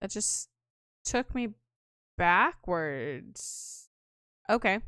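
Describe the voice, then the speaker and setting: A woman's voice: mid-range voice, sing-song, extremely slow, bright, forceful tone, no echo, clean studio sound. A woman playing a video game, muttering offhand reactions as she goes. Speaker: let's-play gamer. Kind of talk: casual play-through commentary.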